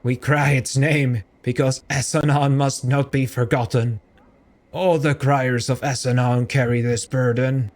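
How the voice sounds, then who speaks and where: A man voicing a weeping, dust-covered holy man in a game, solemn and mournful, with a parched, hoarse voice. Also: mid-range voice, level tone, measured pace, darkish tone, close to an everyday voice.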